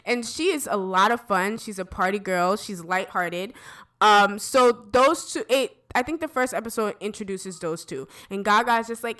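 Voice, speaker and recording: Woman, podcast co-host, chatty, giggly, casual recap, middle pitch. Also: moderate pace, a bit bright. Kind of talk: casual chat.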